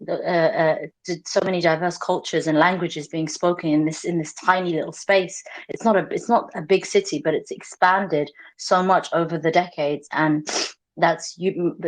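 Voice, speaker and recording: A woman from London with a London English accent, chatting as a guest caller in a halting way, full of restarts and fillers. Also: fairly low pitch. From London, England. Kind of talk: casual chat. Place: audio chat room.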